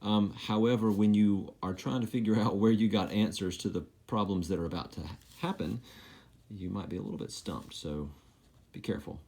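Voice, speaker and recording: A man's voice: on the low side, fairly even intonation, brisk, darkish tone. A man teaching a recorded math lesson, making joking, self-deprecating asides while he writes.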